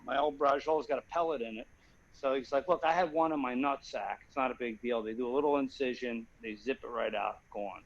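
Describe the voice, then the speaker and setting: A man's voice: medium pitch, steady tone, brisk, dull audio. A man telling a rambling comic story on a video call, often asking if the listener follows him. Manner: rambling, keeps asking "you know what I mean?". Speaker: guest comedian.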